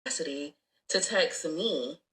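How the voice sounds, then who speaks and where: A woman telling a story about a bad date, animated and swearing, acting out both sides of the dialogue. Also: sits low, measured pace, poor audio. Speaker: storyteller in a clip. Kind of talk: story time, casual telling.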